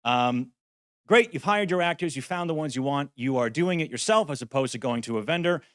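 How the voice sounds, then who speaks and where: A man presents at a conference in a practical, explanatory way, slipping in wry jokes at his own expense. His voice sits at an ordinary middle pitch and is recorded close and dry, with almost no room sound. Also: lively intonation, brisk, a bit bright, dry recording. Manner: practical, wry, self-deprecating asides. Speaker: voice actor giving a conference talk. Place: conference venue.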